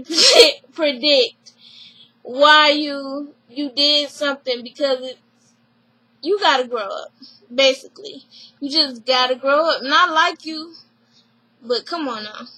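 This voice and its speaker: A woman's voice: high voice, a little slow, sharp tone, rough recording. A woman casually recapping a reality show, acting out the quotes, blunt and profane.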